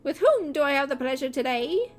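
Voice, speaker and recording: A wise tavern innkeeper, played by a woman, who offers gentle, encouraging counsel in a lively, fairly high voice. Soft music plays in the background. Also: a little fast. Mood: cheerful. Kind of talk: fan voice acting of a game.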